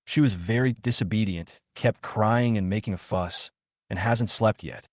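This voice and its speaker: A man voicing a weary young mother on the phone, read in his plain low voice. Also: moderate pace, no echo, clean studio sound, lightly acted. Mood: worried.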